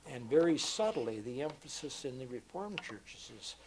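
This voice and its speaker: Emphatic older man preaching, lively pitch. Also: normal speed, few pauses, slight background noise, rough recording. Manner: earnest, emphatic, repeats words, swings between loud and hushed. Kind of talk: sermon.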